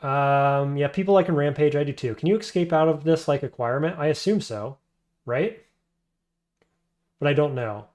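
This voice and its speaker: A man's voice: a little high, moderate pace, darkish tone. A man streaming a game, thinking aloud as he weighs his options and answers chat. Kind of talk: casual live-stream commentary.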